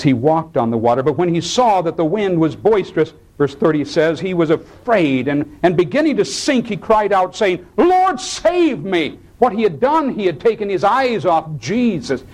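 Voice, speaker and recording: A man preaching a sermon, addressing listeners as beloved and swinging from low hushed tones to high cries when he quotes. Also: poor audio. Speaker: pastor.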